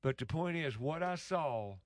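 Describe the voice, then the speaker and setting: A man's voice: a little high, animated, measured pace, no room sound. Guy getting all heartfelt telling a story, lots of restarts, dry close sound. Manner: earnest, emotional storytelling with many restarts. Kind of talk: casual conversation.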